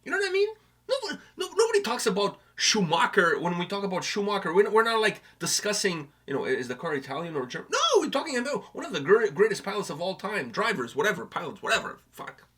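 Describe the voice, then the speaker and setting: Bright animated guy from portugal, jokey reaction chat, voice sits a bit high. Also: quick pace, husky. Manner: animated, joking, swearing, trailing off into quieter asides. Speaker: music reaction co-host. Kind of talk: casual chat.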